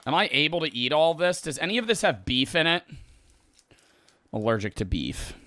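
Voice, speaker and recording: A man's voice: a little high, sing-song, moderate pace, pushed and bright, no echo. A young man chatting on a livestream, swearing a lot and sounding exasperated while he reels from spicy food. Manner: profane, exasperated, rambling. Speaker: streamer. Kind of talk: casual livestream chat.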